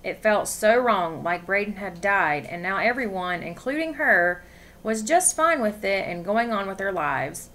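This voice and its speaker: A woman reading a novel aloud with expression, pausing to ask her listeners questions. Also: mid-range voice, expressive, a bit bright. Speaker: story reader.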